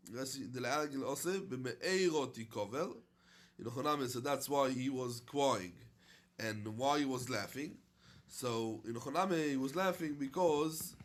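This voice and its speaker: A man's voice: mid-range voice, fairly bright tone. A man teaching a Talmud class, reading short Aramaic phrases and explaining each one in plain English. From London. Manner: reads Aramaic phrases then explains in English, with many fillers.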